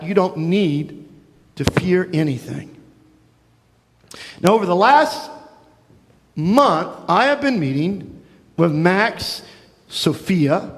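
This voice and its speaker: A man with a high-pitched voice preaches in a church, telling a Bible story to children. He tells it with animated energy and acts out the characters' lines. His voice rings with a long reverb through the sanctuary. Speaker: pastor.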